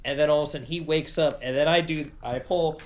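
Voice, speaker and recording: A man's voice: fairly high pitch, fast. A man co-hosting a podcast, casually telling stories among friends and acting out their voices. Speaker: podcast co-host.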